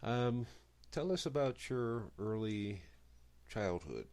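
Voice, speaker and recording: A man's voice: medium pitch, animated, slow, darkish tone. A middle-aged man from the United States, hosting a radio interview in a chatty, rambling way, often correcting himself as he talks. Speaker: radio show host.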